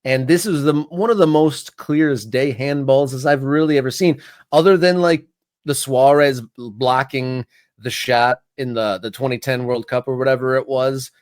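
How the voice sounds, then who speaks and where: A man's voice: medium pitch, normal speed, a little mellow, no room sound. A man co-hosting a sports talk show who talks casually and animatedly, full of "like" fillers, into a studio mic. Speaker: podcast co-host.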